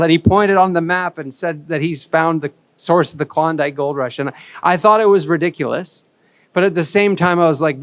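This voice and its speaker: A man's voice: a little high, brisk, clear, resonant tone, no room sound. A man giving a candid, self-deprecating storytelling talk as a conference speaker, on a stage.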